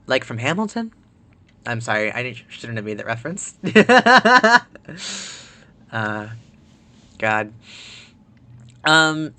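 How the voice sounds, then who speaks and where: A chatty streamer rambling through casual gameplay commentary, with a bright, sharp timbre. The talk is loose and full of filler words. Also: medium pitch. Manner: chatty and rambling, heavy use of "like".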